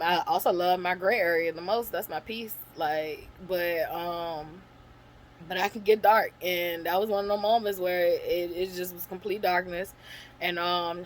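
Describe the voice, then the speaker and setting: A woman's voice: medium pitch, fairly bright tone, rough recording. Blunt, profane woman telling a story. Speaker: storytelling vlogger. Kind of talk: casual storytime monologue.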